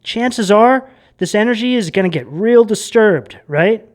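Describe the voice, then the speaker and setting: A tarot reader giving a casual, rambling reading to camera, full of fillers and tag questions, sometimes dropping to a hushed mutter. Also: mid-range voice, animated, unhurried.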